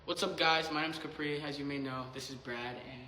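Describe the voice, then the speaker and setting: A man's voice: fairly high pitch, steady tone, pushed and bright, roomy sound, slight background noise, low-quality recording. A man telling a personal story casually, acting out quoted dialogue and saying "like" a lot. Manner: rapid retelling full of quoted dialogue and filler "like". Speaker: vlogger.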